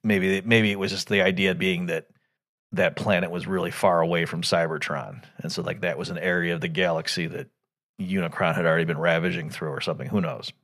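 Rambling low-voiced man recapping a film. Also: fairly even intonation, fairly quick. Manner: rambling, thinks aloud with many restarts; acts out quoted lines with sudden loud jumps. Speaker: podcast host. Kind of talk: casual film commentary.

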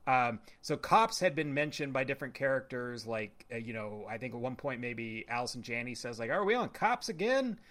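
Measured man explaining film details. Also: mid-range voice, fairly bright tone. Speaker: podcast co-host. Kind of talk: casual film chat.

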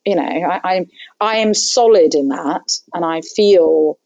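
Chatty mum, low mellow voice. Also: female voice, vocal fry, no room sound, lo-fi sound. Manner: chatty, self-deprecating, quick asides. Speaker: podcast guest. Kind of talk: candid conversational chat.

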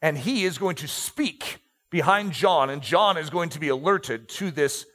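This is a preacher, a middle-aged man whose voice runs somewhat high, addressing his congregation from a church stage with a handheld microphone. As he reads scripture he leans on key words and slows for effect, and in between he tosses out light, joking asides.

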